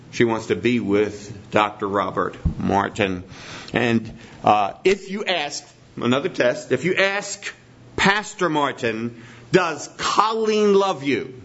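A man's voice: mid-range voice, a bit bright. A man preaching a sermon in a teacherly way, repeating his key points for emphasis. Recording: dull lo-fi recording.

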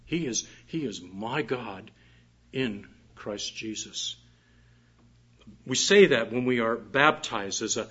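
A man's voice: mid-range voice, fairly bright tone, husky. A man preaching a morning sermon, reading scripture aloud and repeating key phrases with emphasis. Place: church service. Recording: muffled dull recording.

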